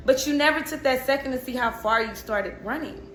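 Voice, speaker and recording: A woman's voice: sits high, quick pace, few pauses, fairly bright tone, reverberant, a little hiss or hum. A woman giving a casual, chatty tarot reading who often laughs. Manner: chatty, laughs and breaks into song. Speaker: tarot reader.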